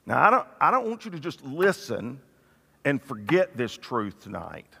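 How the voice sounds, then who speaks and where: Older man, sermon, expressive pitch, echoey sanctuary. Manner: dramatic, swings from loud to hushed. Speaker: preacher. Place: church sanctuary. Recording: reverberant church hall.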